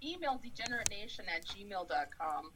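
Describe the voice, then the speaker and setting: A woman's voice: medium pitch, big pitch swings, moderate pace, bright, forceful tone, slight background noise, low-quality recording. A woman on a podcast, talking in crude, profane banter and heated rants.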